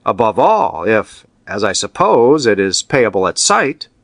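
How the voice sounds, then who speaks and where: A man voicing a cool, ironic wealthy male count who speaks politely and measuredly, gently mocking. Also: lowish voice, sing-song, measured pace, gravelly, no room sound, heavily acted.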